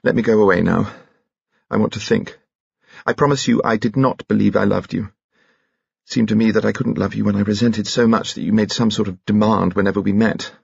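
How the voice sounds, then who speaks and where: A frightened, tender young woman speaks in a soft, lifted voice, as a man puts her on in an audiobook. The tone stays husky and close, with a dry, dull sound. Underneath runs a low, gravelly grain. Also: steady tone, a little fast, dry recording, full character voice. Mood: anxious, tender.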